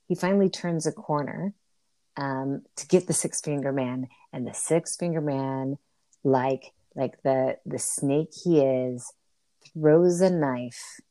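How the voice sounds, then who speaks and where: A woman's voice: sits low, dark tone, no room sound. A woman chatting casually and enthusiastically about a favorite film. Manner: enthusiastic, giggly. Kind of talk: casual movie discussion.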